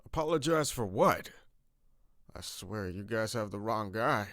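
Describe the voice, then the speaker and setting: A man's voice: on the low side, lively intonation, measured pace, fairly bright tone, no echo, studio quality, pitched above the performer's own voice. A man doing a slurring, desperate drunk older man. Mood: pleading. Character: drunk, filthy older man, a cornered killer.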